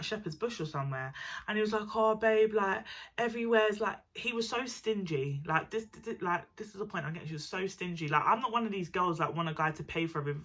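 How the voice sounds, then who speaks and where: A young woman with a nasal voice, telling a chatty, slangy personal story. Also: sits low. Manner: chatty and animated, slangy, swears; mimics other people's voices. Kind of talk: casual storytime monologue.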